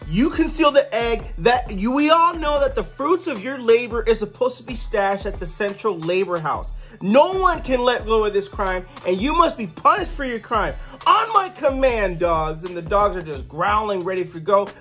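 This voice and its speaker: A comic reviewer talks through a story in a relaxed, chatty way, stumbling and restarting as ideas come. Faint music plays underneath. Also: mid-range voice, moderate pace. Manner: loose, conversational retelling with restarts. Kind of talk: casual comic book recap with quoted character voices.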